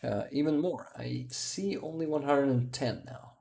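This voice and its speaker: A tired man hosting a casual livestream and reading out viewer comments in a hesitant, halting way, often restarting and chuckling softly. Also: mid-range voice, lively intonation, vocal fry. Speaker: livestream host.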